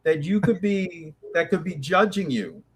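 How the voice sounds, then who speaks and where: A man co-hosting a casual news chat show, ranting in an animated way. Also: high voice, measured pace, husky. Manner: animated, ranting, breaks into mocking voices. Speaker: co-host.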